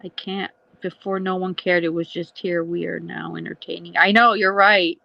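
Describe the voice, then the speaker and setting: A woman's voice: lowish voice, level tone, normal speed, creaky, no room sound, highs cut off. A woman hosting a casual livestream, rambling between thoughts, laughing often and swearing freely. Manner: laughs often, swears, trails off mid-sentence. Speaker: livestream host.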